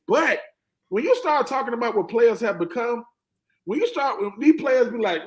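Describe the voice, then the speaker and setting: A middle-aged man with a notably high voice, talking sports in an animated, preachy way. A former college football player and panel guest, he acts out the lines of coaches and players as he tells his stories. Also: normal speed, low-quality recording. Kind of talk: animated sports talk, storytelling.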